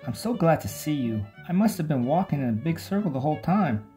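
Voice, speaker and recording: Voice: medium pitch, big pitch swings, brisk, dark tone, faint music behind, lightly acted. A storybook narrator voicing a small, brave duck girl who bluffs her way past danger with bold threats. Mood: joyful. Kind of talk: children's storybook read-aloud.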